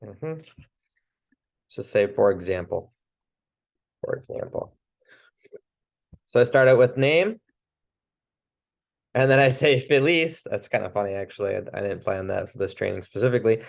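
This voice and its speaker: A man's voice: on the low side, moderate pace, vocal fry, pauses often. Man giving a chatty training talk. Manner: relaxed, chatty, loose restarts, short laughs. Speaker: chiropractic trainer.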